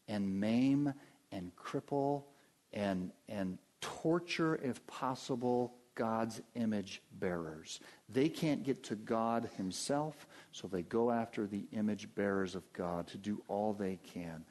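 A man preaching a sermon as pastor, emphatic and addressing his congregation directly, his delivery swinging from low and quiet to loud and high.

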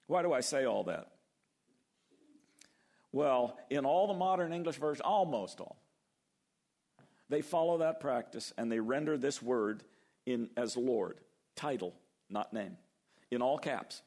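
An older man preaching a sermon, lively and acting out the quoted voices as he goes. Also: mid-range voice, measured pace, pauses often. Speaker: pastor.

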